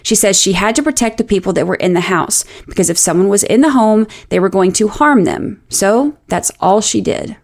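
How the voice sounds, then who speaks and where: A woman narrates a true-crime case in a measured, explanatory way. Her voice sits at an ordinary middle pitch, and her delivery is scripted and even, with a dry, sardonic edge now and then. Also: gravelly. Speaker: podcast host.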